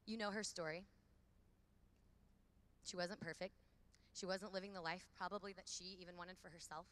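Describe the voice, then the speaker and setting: A woman in her thirties giving a lively faith talk to a large hall of women, with call-and-response. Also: on the low side, slight background noise. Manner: lively, preachy, calls for audience repeats. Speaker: conference speaker.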